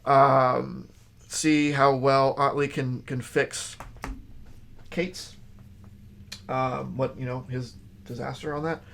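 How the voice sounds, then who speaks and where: A man's voice: medium pitch, level tone, slow pace, vocal fry, pauses often, a bit bright. A man casually reviewing a stack of new comic books, rambling and enthusiastic, with lots of fillers and restarts. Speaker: comic shop video host.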